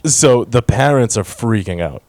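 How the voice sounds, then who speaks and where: Animated slangy storytelling man. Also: mid-range voice, a little slow, no room sound. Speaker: podcast co-host. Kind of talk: casual chat, storytelling.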